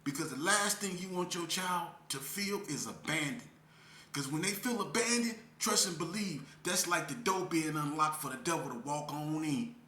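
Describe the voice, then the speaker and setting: A fairly high-pitched male voice, pushed and bright, moves at a moderate pace. He's from Las Vegas, with a street-speech accent, and he addresses parents earnestly and emotionally, repeating phrases to drive his story home. The room is echoey, with faint ambient sound.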